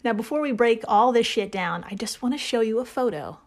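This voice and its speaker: A woman's voice: a little high, lively intonation, fairly quick. Giggly, cussing podcast woman. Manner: giggly, swears freely. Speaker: podcast co-host. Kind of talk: casual chat, telling a story.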